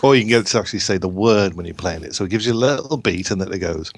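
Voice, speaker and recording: A man calls in over video to chat on a live show. His voice is low and he talks fast in a chatty, self-mocking way. The sound is dry, with almost no room echo. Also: animated. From Liverpool, England. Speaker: call-in guest. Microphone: video call.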